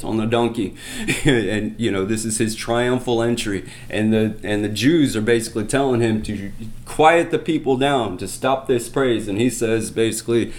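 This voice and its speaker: A man teaches from scripture in a voice of ordinary middle pitch. He reads the passages aloud and then unpacks them in relaxed, conversational language. He often doubles back and restarts a phrase mid-thought. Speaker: Bible teacher. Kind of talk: sermon.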